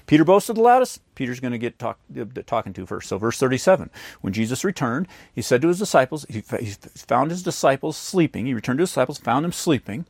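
A man's voice: mid-range voice, big pitch swings, quick pace, darkish tone, no room sound. A man preaching a sermon who acts out the voices of the people in his stories. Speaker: pastor.

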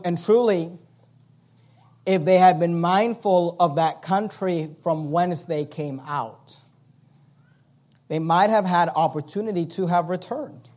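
A man preaching a sermon, reading King James scripture aloud and acting out the complaints of the people in animated voices. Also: high-pitched. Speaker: pastor.

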